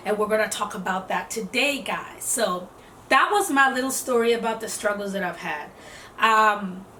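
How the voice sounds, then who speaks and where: Woman chatting self-help advice, bright slightly high voice, asks you questions as she goes, roomy echo, a bit off mic. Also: recorded from a distance, a little hiss or hum. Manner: conversational, explains with rhetorical questions. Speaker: self-development vlogger. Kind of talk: casual advice talk.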